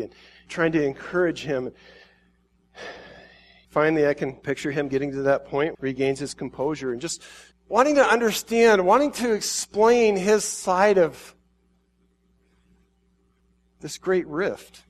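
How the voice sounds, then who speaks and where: A man preaching an emotional sermon, swinging between hushed pauses and urgent, quickening passages. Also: a little high.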